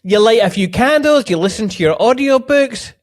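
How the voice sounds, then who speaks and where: Animated joking male podcast host. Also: very high voice, moderate pace, no room sound. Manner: jokey and animated, teasing. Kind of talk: casual podcast chat.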